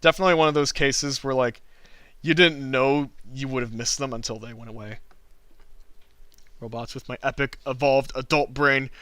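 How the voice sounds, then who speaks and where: A man's voice: mid-range voice, steady tone, normal speed, pushed and bright, smooth. A man in a mid-range voice hosting a drawing stream and chatting casually with his viewers. He talks loosely and breaks into laughs often. The sound is dry, with no room echo. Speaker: livestream host, cartoonist. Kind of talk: casual chat while drawing.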